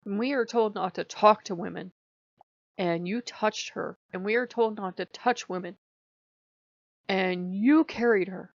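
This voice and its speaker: A woman's voice: medium pitch, unhurried, gravelly, no room sound. A woman voicing a stern young male monk who scolds another monk by listing the rules he broke. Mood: reproachful. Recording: dull lo-fi sound.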